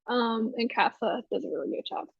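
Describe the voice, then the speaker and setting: A woman's voice: on the high side, normal speed, gravelly, slightly rough, no room sound. Chatty woman podcaster, dull dry sound. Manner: chatty, rambling with many fillers and giggles. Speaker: podcast co-host. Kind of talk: casual chat recapping a TV episode.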